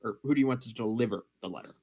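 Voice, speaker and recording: A man narrating as game master for a tabletop role-playing session, relaxed and laughing, often stopping to hunt for a word. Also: lowish voice, rapid-fire, gravelly. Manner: loose, laughing, searching for words.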